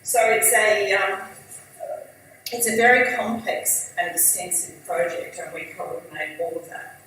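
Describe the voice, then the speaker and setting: A woman giving a conversational conference talk as an industry chief executive; she is losing her voice and keeps clearing her throat. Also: medium pitch, measured pace, fairly bright tone, very echoey, recorded from a distance, low-quality recording. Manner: conversational, fillers and asides. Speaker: industry body chief executive, guest speaker.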